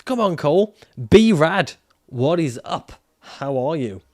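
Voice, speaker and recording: A man's voice: on the high side, lively intonation, slow, a little mellow. Jokey, swearing male livestreamer. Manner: jokey and profane, laughs often. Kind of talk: casual livestream chat reading viewer comments.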